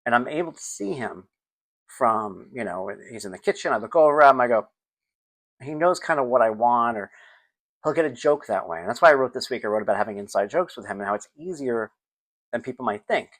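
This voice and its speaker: A middle-aged man hosting a casual solo podcast, telling stories about his son and acting out the scenes. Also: medium pitch. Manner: animated, acts out scenes, sings snippets. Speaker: podcast host.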